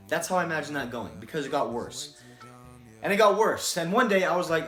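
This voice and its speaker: A man telling a personal story to camera in a casual, animated and profane way, often checking in with "right?". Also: on the high side, brisk. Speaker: vlogger. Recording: roomy echo, faint music.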